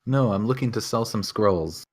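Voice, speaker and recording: A man's voice: fairly low pitch, expressive, moderate pace, a little mellow. A man casually playing a tabletop game character, a bit hesitant. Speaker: player.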